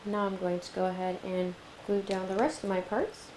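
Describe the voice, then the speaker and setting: A young woman chatting through a craft tutorial, laughing often and talking gently to her toddler. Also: mid-range voice, level tone, normal speed, slight background noise, low-quality recording. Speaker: craft vlogger. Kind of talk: casual craft tutorial chat.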